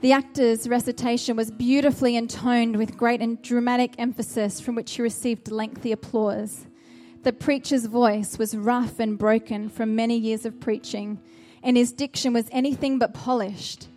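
A woman's voice: fairly high pitch, steady tone, moderate pace, few pauses, warm tone, soft background music. A woman preaching a sermon, earnest and exhorting, with a run of searching rhetorical questions.

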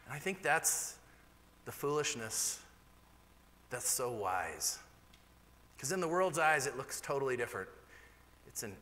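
Animated pastor preaching in a reverberant hall. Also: male voice, a little hiss or hum. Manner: candid, animated preaching with sudden rises in pitch. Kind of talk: sermon.

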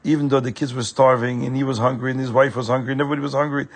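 A man telling a story to children in an animated way, at times turning to speak to the listeners directly. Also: medium pitch, racing, husky.

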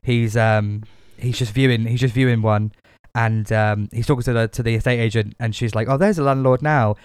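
Brief: young male co-host, smooth clear tone, dry close mic, loose rambling chat with frequent laughs. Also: medium pitch, fairly even intonation, fairly quick, no room sound. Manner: laughs a lot, rambling with restarts and swearing. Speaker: podcast co-host. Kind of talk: casual chat.

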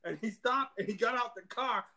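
A man's voice: very high-pitched, normal speed, sharp tone. A man in casual chat, telling a story and chuckling often.

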